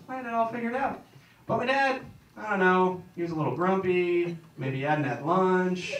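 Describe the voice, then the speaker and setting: A man's voice: high-pitched, fairly bright tone. A young man doing a stand-up routine, telling stories in a rambling, self-mocking way, in an echoey room with a distant mic and background noise. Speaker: stand-up comedian.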